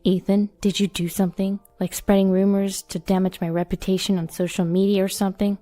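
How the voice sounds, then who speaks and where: A woman's voice: medium pitch, level tone, fairly quick, soft background music, lightly acted. A woman voicing a snobbish, irritable young bride who talks down to people. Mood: flustered. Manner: sharp, scornful, flustered.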